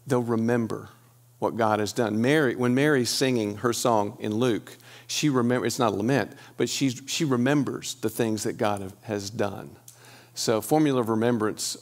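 A middle-aged man giving a relaxed church teaching, talking it through with pauses and restarts. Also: medium pitch. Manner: conversational, pauses with fillers and restarts.

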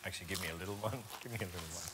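Joking Australian man with a low voice. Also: racing. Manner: joking, laid-back, calls people mate. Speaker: celebrity guest. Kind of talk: casual banter. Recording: live stream with clear background noise.

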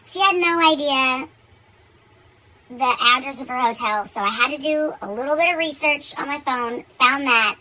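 A young woman telling a story in casual, animated chat, swearing freely and getting worked up. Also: sits high, rough recording. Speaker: beauty vlogger.

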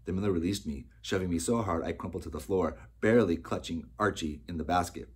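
Reading a storybook at a steady, unhurried pace, a man narrates in a very deep, slightly husky voice. As an audiobook narrator delivering scripted text, he keeps his storytelling tone even.

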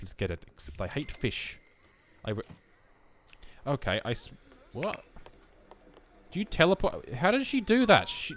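A young man giving wry, self-mocking commentary while playing a life-simulation game. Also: medium pitch. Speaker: let's play host. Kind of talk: casual gameplay commentary.

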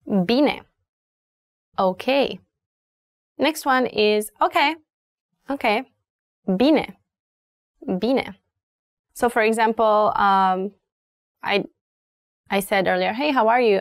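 Slow, patient Romanian-accented woman teacher. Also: medium pitch, no room sound, studio quality. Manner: slow and patient, repeating words clearly with fillers. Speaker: language teacher. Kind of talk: beginner language lesson.

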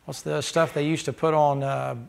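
Folksy preacher with gravelly voice. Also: male voice, a little high, flat delivery, normal speed. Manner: folksy, joking, rising to loud laughing bursts. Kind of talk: sermon.

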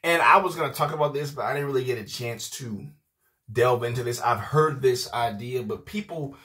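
A man's voice: medium pitch, moderate pace, pushed and bright. A man preaching an informal video sermon. He talks in a rowdy, emphatic way, often repeating "man" and "I promise you".

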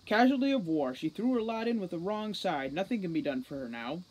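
A woman voicing a stern male elf police commander who barks orders forcefully. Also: on the low side, lively intonation, a little fast, slightly rough, pitched above the performer's own voice, poor audio.

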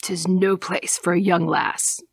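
A woman's voice: fairly low pitch, little pitch movement, a little slow, gravelly, husky, no room sound, clean studio sound, heavily acted. A woman voicing a limping, burly sailor who mutters in old-fashioned dialect. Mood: gruff.

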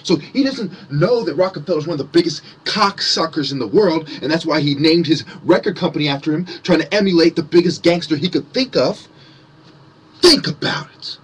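A man delivers a furious monologue, full of swearing and mock-innocent sarcasm. His voice sits a touch high and sounds husky and rough-edged, as he swings between taunting and shouting at his target. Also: fairly quick, few pauses. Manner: profane, sarcastic, mocking. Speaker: conspiracy commentator. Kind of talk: angry ranting monologue.

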